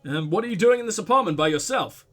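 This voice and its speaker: Impatient detective, blunt and probing, read by a man; animated delivery. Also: high voice, fast talker, soft background music. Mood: pressing, impatient.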